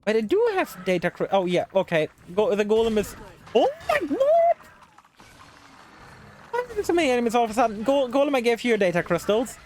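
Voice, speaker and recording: A woman's voice: fairly high pitch, sing-song, fast talker, few pauses, a little mellow. A woman streaming live gameplay, talking to the game's characters in exasperation and swearing freely. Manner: exasperated, talks to the game characters.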